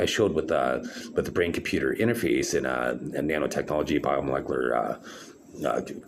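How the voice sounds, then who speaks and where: A man from Canada talking to camera in a rambling monologue, aggrieved and halting, full of fillers and restarts. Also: low-pitched, noisy background. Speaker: vlogger.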